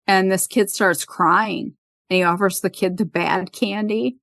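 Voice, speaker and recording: A woman's voice: medium pitch, steady tone, measured pace, vocal fry, a bit bright, dry recording. A woman hosting a podcast, casually retelling an episode's scenes and quoting the characters. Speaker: podcast host. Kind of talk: casual recap chat.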